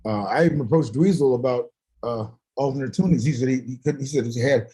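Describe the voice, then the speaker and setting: A man with a medium-pitched voice, a guest musician, chats casually and briskly, animatedly telling stories, laughing frequently and imitating the voices of those he quotes. The recording is low-quality.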